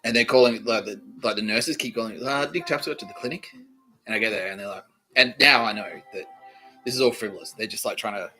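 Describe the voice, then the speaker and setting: A man with an Australian accent delivering a rambling, profane comedic monologue, repeating himself and swinging between loud outbursts and mumbling. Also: fairly low pitch, quick pace, faint music behind. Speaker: podcast host.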